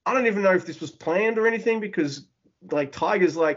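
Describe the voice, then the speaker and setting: A man co-hosting a wrestling podcast, recapping a match in excited, profane casual chat. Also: high-pitched, fairly quick, dull audio. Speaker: podcast co-host.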